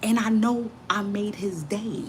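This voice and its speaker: A woman from the Bronx, reading affirmations and telling a casual story in a lively, slangy way, often laughing. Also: medium pitch, a little slow, slight background noise. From the Bronx, New York.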